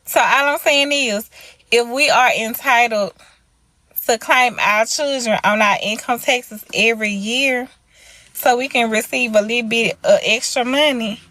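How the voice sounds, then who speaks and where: A woman's voice: fairly high pitch, unhurried, sharp tone, dry recording, low-quality recording. A chatty woman joking with her viewers in a casual video. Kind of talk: casual social media talk.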